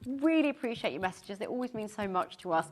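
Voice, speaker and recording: A woman presenting on a live shopping channel, gushing and excitable, chatting with many restarts. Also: mid-range voice, fast talker. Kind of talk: live TV sales pitch.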